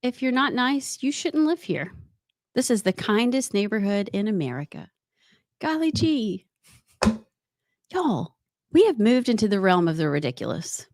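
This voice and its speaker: A woman, co-hosting a casual talk radio show and reading out news items with animated, laughing banter. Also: medium pitch, brisk, no room sound.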